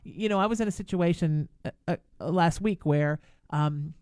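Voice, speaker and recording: Chatty woman radio host, crisp dry voice. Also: lowish voice, moderate pace, a little mellow, dry recording. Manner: chatty, emphatic, calls callers honey. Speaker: radio show host and psychic. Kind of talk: live call-in radio advice.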